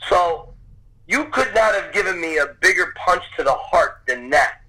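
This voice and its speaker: On a rough recording, a fifties-aged Rocky film tour guide shares a story as a podcast guest. His voice is bright, ringing, husky, and slightly high for a man; he talks at normal speed, excitable and gushing, circling back over his own words.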